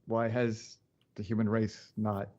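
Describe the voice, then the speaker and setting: A man's voice: fairly low pitch, flat delivery, slow, a little mellow, lo-fi sound. A man who is a podcast guest, chatting casually and thinking aloud, repeating and stumbling over his words. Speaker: podcast guest, tech expert. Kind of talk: casual chat.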